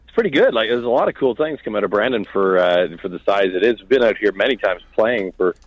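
A man's voice: lowish voice, lively intonation, quick pace, dull audio. A man from Canada, a country singer, chatting as a guest on a radio show in a jokey, self-deprecating way. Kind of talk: casual radio interview chat.

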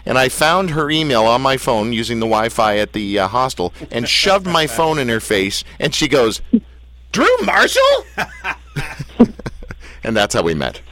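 A man's voice: mid-range voice, lively intonation, normal speed, few pauses, fairly bright tone. A man hosting a casual interview show, telling rambling stories and teasing his guest. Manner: playful, rambling storyteller who teases his guest. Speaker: radio show host.

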